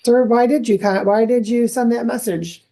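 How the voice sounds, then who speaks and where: Lady judge, formal and brisk, cuts people off, soft mellow tone. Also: a little high, steady tone. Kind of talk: courtroom proceedings. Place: courtroom.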